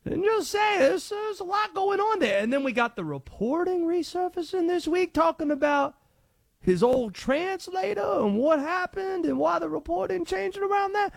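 A man doing Conspiracy Josh, a loud southern talker. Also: extremely high pitch, normal speed, gravelly, dry recording, studio quality, pitched above the performer's own voice, exaggerated voice. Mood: excited. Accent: put-on Southern, claimed Cajun. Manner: shouty, excitable, rambling.

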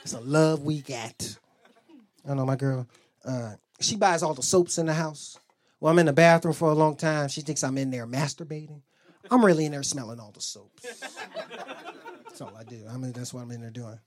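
A young man on the high side of the pitch range does a profane stand-up act, animated and at normal speed. Storytelling and acted-out quotes get laughs from the crowd.

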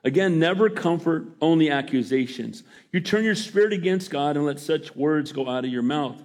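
Animated preaching man, asks for amens. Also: fairly high pitch, moderate pace. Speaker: pastor. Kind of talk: sermon.

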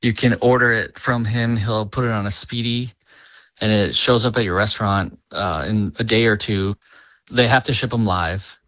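A chef speaking in a chatty, upbeat way in an interview. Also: male voice, lowish voice, fairly even intonation, normal speed, fairly bright tone, no room sound, highs cut off. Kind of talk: casual interview.

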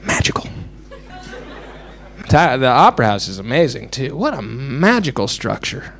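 A man's voice: medium pitch, very animated, moderate pace, vocal fry, a bit bright, some chatter behind. A man doing a stand-up routine, telling stories animatedly and making sound effects. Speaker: stand-up comedian.

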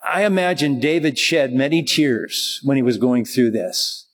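Husky preacher in a reverberant hall. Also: male voice, medium pitch, lively intonation. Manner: conversational preaching, reads scripture slowly. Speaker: pastor. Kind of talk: sermon. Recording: long reverb of a large hall.

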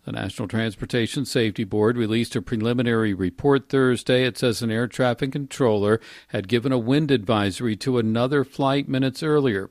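A man reading a radio news bulletin as newscaster, in a measured, even delivery. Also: on the low side, no echo. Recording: dry studio.

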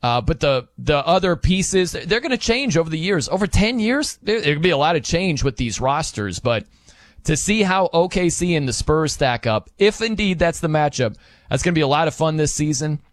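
A man's voice: fairly high pitch, sing-song, moderate pace, no echo. A man hosting a casual sports talk show, talking in a chatty, conversational way. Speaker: sports podcast host.

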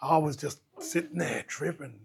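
A man's voice: fairly high pitch, normal speed, vocal fry, slight background noise. An Australian man, a musician guest, telling his story animatedly and acting out what people said. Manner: animated storyteller, acts out quotes. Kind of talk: storytelling interview chat.

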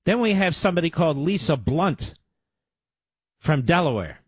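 A man's voice: fairly high pitch, big pitch swings, normal speed, pauses often, slightly rough, no echo. A man hosting talk radio, combative and sarcastic, cutting into clips with insults. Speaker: radio talk show host.

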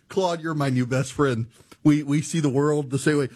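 A man's voice: fairly high pitch, expressive, normal speed, darkish tone, breathy edge, no room sound. A man hosting a casual talk show, ranting in disbelief about bad drivers and laughing at his own stories. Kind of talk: casual monologue.

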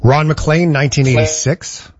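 A man's voice: fairly high pitch, moderate pace, muffled recording. A man co-hosting a casual chat, eagerly urging his partner on. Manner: enthusiastic, eggs on his partner. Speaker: podcast co-host.

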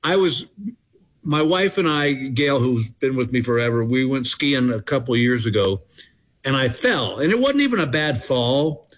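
A man's voice: mid-range voice, expressive, normal speed. An older man in his sixties, a comedian, telling laid-back stories and poking fun at himself. He speaks casually and unhurriedly and chuckles between lines. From Texas. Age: 60s. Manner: folksy, self-deprecating, chuckles between lines. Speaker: comedian guest. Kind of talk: casual phone interview storytelling.

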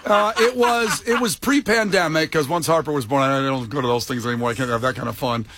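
A man co-hosting a casual radio chat, brisk and ready with facts. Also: on the high side, a bit bright. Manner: brisk, fact-sharing. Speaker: co-host.

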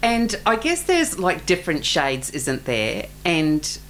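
A woman's voice: on the low side, wildly swooping pitch, slow, a bit bright, slight background noise, poor audio. A woman who is a retired psychologist, speaking as a guest in a radio studio in a thoughtful, good-humoured way. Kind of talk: casual radio interview.

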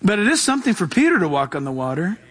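Male preacher with a very high voice, emphatic sermon delivery and a long hall echo. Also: very animated, very fast, fairly bright tone, breathy edge. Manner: emphatic, with rhetorical questions and calls to the congregation.

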